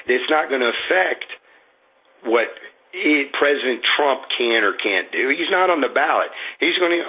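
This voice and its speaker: A man's voice: medium pitch, husky, highs cut off. Rambling, frustrated male radio caller. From Florida. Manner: rambling, frustrated, halting with fillers. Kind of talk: call-in venting.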